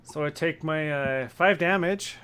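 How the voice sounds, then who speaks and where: A man playing a tabletop game, speaking in a hesitant, halting way as he works out his turn. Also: on the high side, background noise. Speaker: player. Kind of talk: casual tabletop game play.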